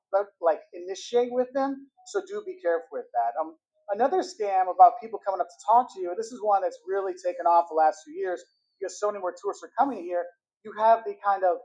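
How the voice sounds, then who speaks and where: A man hosting a travel video, giving quick tips and acting out the lines of street hustlers. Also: high voice, rough recording. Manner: animated, acts out scammers' lines. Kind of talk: brisk travel-tips talk to camera.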